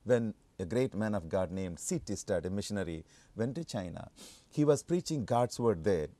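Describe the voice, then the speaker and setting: Fervent preacher with soaring pitch leaps. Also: male voice, expressive, moderate pace, mellow, no room sound. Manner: emphatic, leaping to high fervent peaks, repeats key phrases. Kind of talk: sermon.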